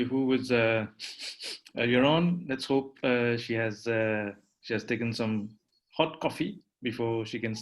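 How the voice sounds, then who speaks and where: A man chairing a club meeting, introducing speakers with many fillers and light jokes. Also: medium pitch.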